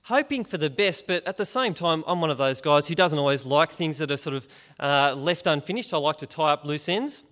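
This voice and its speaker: Brief: middle-aged man, fairly high voice, chatty preacher who questions the listener. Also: expressive, brisk, fairly bright tone. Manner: conversational, asks the listener direct questions. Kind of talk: informal gospel talk.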